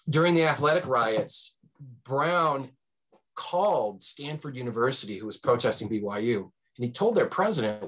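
A man with a husky, slightly rough voice tells history as a podcast guest. He speaks in a lively, storytelling way, jumping up in pitch to make a point, with plenty of ums and restarts. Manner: animated, swings pitch for emphasis; frequent fillers and restarts. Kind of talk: conversational storytelling.

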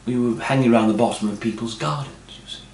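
A man voicing a polite young female fairy on probation, lifting his voice higher. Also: quick pace, a little mellow, reverberant, far from the mic. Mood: matter-of-fact.

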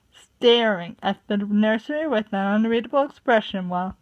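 A woman reading a chapter of a storybook aloud, stumbling and correcting herself as she goes, on a muffled lo-fi recording. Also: fairly high pitch. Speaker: reader. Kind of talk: amateur audiobook reading.

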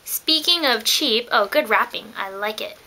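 A young woman chatting excitably in a casual vlog, telling stories as she opens her mail indoors. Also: on the high side, moderate pace. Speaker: vlogger. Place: indoors in a room.

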